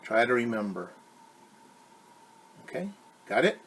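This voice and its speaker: A man's voice: medium pitch, sing-song, fairly bright tone, slight background noise. A male teacher reading a children's story aloud, speaking patiently to young listeners. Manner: slow, patient, addresses children directly.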